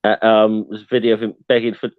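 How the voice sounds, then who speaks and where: A man's voice: on the low side, level tone, fast talker, clean tone, no room sound. Male guest, stop-start, salty language, muffled dry recording. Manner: stammering restarts, blunt, swears. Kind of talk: casual stream chat. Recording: dull dry lo-fi mic.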